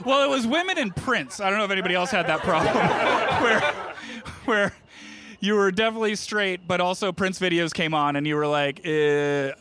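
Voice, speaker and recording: On a comedy club stage, a middle-aged comic from New Jersey pokes fun at himself through stories and teasing remarks to the crowd. He sounds high-pitched, animated, and brisk, captured by a live stage mic with room ambience and background noise.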